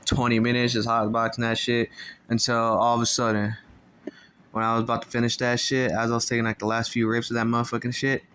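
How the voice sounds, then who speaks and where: A man's voice: mid-range voice, monotone, quick pace, fairly bright tone, clean tone. Laid-back, foul-mouthed man telling a story. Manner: laid-back, heavy swearing, laughs between lines. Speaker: storyteller vlogger. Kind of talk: casual storytime.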